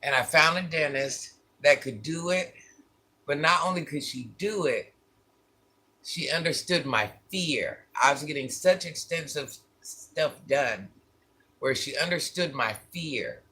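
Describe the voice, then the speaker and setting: Husky, bright-voiced man telling a story. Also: a little high, animated, measured pace. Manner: candid, repeats phrases for emphasis. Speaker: vlogger. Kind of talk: casual storytelling to viewers.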